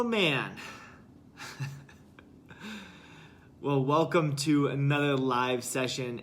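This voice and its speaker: A male life coach talks on a live stream at an unhurried pace. He is earnest and emphatic, repeating short phrases to drive each point home. His pitch sits in an ordinary middle range. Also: fairly bright tone, slight background noise. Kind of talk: live-stream motivational talk.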